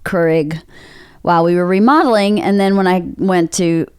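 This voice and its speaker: A woman's voice: on the low side, normal speed, a little mellow, smooth, no echo, studio quality. A woman hosting a podcast, telling a story in casual chat with lots of swearing and acted-out quotes. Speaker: podcast host.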